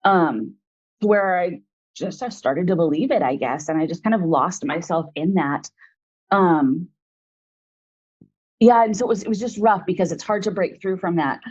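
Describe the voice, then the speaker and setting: A woman's voice: lowish voice, normal speed, pauses often, a little mellow, breathy edge, lo-fi sound. A woman in her forties, an interview guest, telling a personal story in a rambling, frank way full of fillers.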